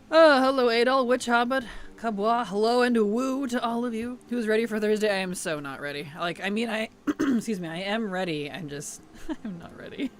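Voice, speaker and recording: Sitting high in pitch, this man's voice comes with a little hiss or hum. He's casually chatting on a gaming livestream, laughing a lot and saying hello to his chat as he plays.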